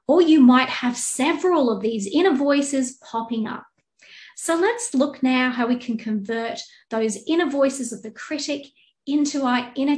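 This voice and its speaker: A woman, a life coach, giving a calm, measured, encouraging coaching talk. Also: sits high. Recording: echoey room.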